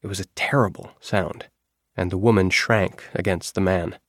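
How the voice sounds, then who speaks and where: Deep-voiced male audiobook narrator. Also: steady tone, normal speed, dry recording, studio quality. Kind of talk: first-person novel narration.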